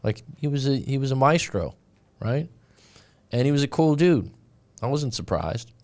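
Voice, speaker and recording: A man with a medium-pitched, sing-song voice and a darkish tone hosts a casual live stream as a dating coach, speaking at normal speed. He rambles, restarting often and going off on asides as he reads viewer comments.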